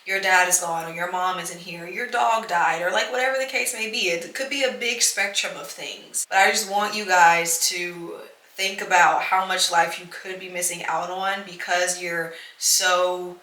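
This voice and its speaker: A woman's voice: lowish voice, fairly even intonation, normal speed, few pauses, bright, forceful tone. A young woman hosting a podcast, talking in an earnest, reassuring way full of "like" and "you know". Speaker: podcast host. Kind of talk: casual heartfelt monologue. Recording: echoey room.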